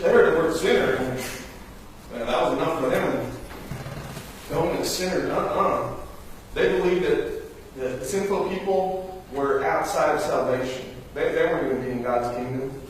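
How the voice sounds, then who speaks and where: A man's voice: fairly high pitch, normal speed, slight background noise. A man preaching a sermon as pastor, telling stories and acting out the voices of the people in them. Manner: animated storytelling, acts out voices. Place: church sanctuary. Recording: very echoey church, from far off.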